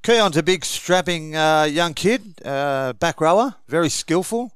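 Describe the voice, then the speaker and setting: Smooth-voiced Australian man, measured. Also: a little high, a bit bright, no room sound, clean studio sound. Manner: measured, hesitant with fillers. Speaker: co-host, former rugby league player. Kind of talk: casual sports chat.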